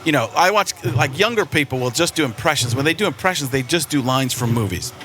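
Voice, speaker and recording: A male comedian chatting casually as a radio guest, animated and rambling, with frequent restarts. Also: a little high, quick pace, a little hiss or hum. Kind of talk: casual radio interview chat. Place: radio studio at a stadium.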